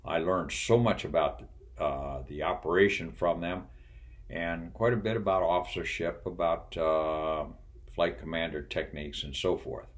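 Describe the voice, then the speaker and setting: An older man with an extremely deep, low voice recalls his flying days. His talk is folksy and unhurried, full of pauses and little chuckles. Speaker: retired pilot and flight instructor. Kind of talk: casual storytelling.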